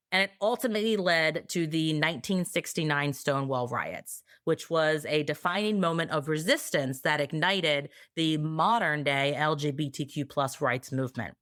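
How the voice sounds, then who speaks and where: A woman co-hosting a podcast, telling history in a casual, sarcastic, animated way. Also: low-pitched, normal speed, clean tone, no room sound, studio quality. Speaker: podcast co-host.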